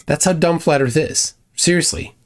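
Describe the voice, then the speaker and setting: A man's voice: fairly high pitch, fairly even intonation, moderate pace. Blunt, mocking man on a livestream. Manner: sarcastic, with many restarts. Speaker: livestream host. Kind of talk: livestream commentary, reading viewer chats.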